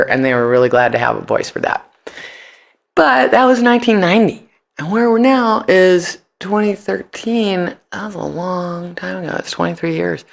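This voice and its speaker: A middle-aged man as a podcast guest, telling stories in a brash, profane, animated way. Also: on the high side, gravelly. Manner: brash, profane, animated, jumps into voices for quotes. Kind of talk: casual interview storytelling.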